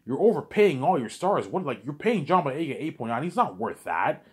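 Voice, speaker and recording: A man's voice: on the high side, sing-song, fast talker, breathy edge, pitched above the performer's own voice, exaggerated voice. A man voicing a pushy, exasperated male film director who nags and keeps repeating the listener's name.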